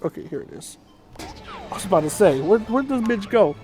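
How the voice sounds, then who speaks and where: Chill dude rambling through a let's play, kinda high voice, lots of um and like, game music faint behind. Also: male voice, very animated, normal speed. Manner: rambling, laid-back, frequent fillers and swearing. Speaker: gaming video host. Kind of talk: casual let's play commentary.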